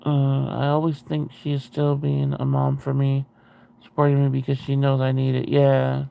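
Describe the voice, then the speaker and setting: A man's voice: mid-range voice, completely flat delivery, normal speed, gravelly, mellow, smooth. A man hosting a casual video chat, reading viewer comments aloud with a rambling, self-interrupting way of talking and frequent laughs.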